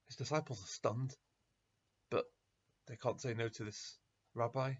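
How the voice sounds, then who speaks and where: Middle-aged rabbi guy telling a story, earnest and measured, kinda muffled lo-fi. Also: mid-range voice, steady tone, slightly rough. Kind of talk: storytelling talk at a school assembly. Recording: dull lo-fi recording.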